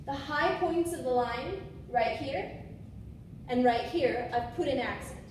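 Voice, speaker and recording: Woman teaching music, casual, sings demo syllables, fairly high voice, very echoey room, distant mic. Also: measured pace, a little hiss or hum. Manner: casual, self-correcting, sings syllables to demonstrate. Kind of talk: instructional demonstration. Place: room with a board.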